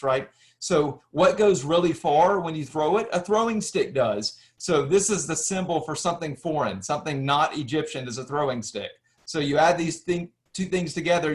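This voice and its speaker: A man giving a history lecture, walking through slides and asking and answering his own questions, with frequent restarts. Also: a little high.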